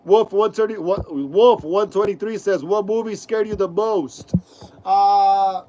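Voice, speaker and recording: A man's voice: high-pitched, unhurried, mellow, rough recording. A young man hosting a casual live stream, reading out viewer comments in laid-back slang with lots of fillers.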